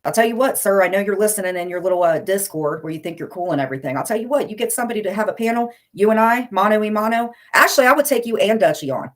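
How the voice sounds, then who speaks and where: A woman's voice: medium pitch, lively intonation, rapid-fire, few pauses. A middle-aged woman with a blunt, insulting, exasperated manner, ranting in casual chat on a livestream. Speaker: livestream commentator.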